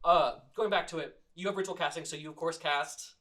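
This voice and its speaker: A man narrating as game master of a tabletop game, animated and laughing often, with many fillers. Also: on the high side, a little fast.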